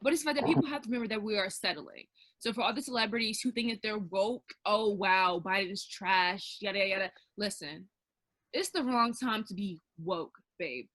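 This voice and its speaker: A woman's voice: on the high side, animated, fairly quick, fairly bright tone, no echo, poor audio. A woman co-hosting a casual group chat, ranting emphatically and mocking others in quoted voices. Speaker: podcast co-host.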